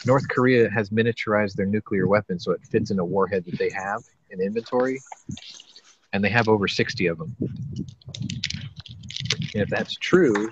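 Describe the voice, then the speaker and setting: A man hosting a casual podcast chat, rambling and profane, often restarting his sentences. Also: lowish voice. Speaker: podcast host. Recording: dull lo-fi with faint noise.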